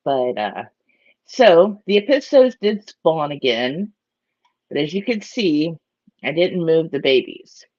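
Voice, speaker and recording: A woman's voice: sits low, big pitch swings, slow, a little mellow, no echo, muffled recording. A chatty woman hosts a casual morning live stream and greets her viewers by name. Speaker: aquarium live-stream host.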